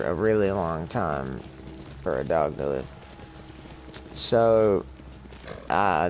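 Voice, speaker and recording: Young male streamer, low voice, halting emotional storytelling, faint background hum. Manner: halting, emotional, many restarts and fillers. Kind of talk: casual storytelling.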